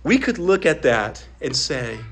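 A man with a high voice preaching a sermon as pastor. He speaks earnestly, climbing high when he voices pleading prayers and sinking quiet and low for asides. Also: very animated, a little slow. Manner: earnest preaching, voice rising on quoted pleas and dropping low on asides.

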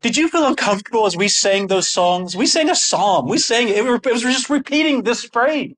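A man preaching a sermon with fervent, excited intensity that sounds almost angry. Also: extremely high pitch, moderate pace. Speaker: pastor.

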